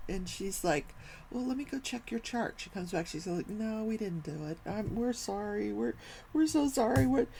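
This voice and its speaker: An older woman hosting a casual talk show, telling a long workplace story and acting out the people in it with lively, animated quoting. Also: on the high side, gravelly, slight background noise, rough recording. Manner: animated, acts out quoted people.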